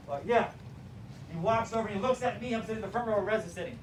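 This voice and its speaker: A man with a very high voice tells a lively story to a room of listeners, switching into shouted character voices as he goes. He sounds some way off the mic in a room that rings with echo, with a faint hum of ambience underneath. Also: rapid-fire. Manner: animated, acts out voices and shouts. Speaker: teacher trainer telling a story. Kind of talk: storytelling talk to a live audience. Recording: echoey room, mic from far off.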